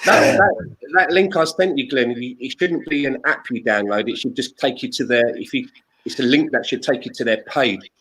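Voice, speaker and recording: A man co-hosting a casual chat, full of teasing banter and quick laughs. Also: medium pitch, fairly bright tone, breathy edge, poor audio. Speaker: co-host.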